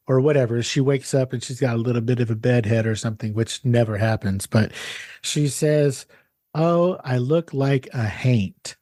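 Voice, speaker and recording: Podcast host guy, mellow dark tone, dry close sound, curious and jokey. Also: medium pitch, dry recording. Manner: curious, joking. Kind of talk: casual interview chat.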